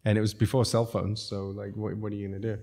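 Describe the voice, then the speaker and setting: A man's voice: fairly low pitch, flat delivery, quick pace, gravelly, darkish tone. A man from South Africa, a podcast guest, telling long rambling stories in a casual way and laughing between sentences. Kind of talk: casual storytelling.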